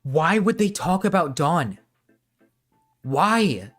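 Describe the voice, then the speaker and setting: A man's voice: a little high, very animated, slow pace, a bit bright, faint music behind. A man doing reaction commentary, ranting in exasperation and swearing often, talking to his chat like a streamer. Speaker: drama commentator.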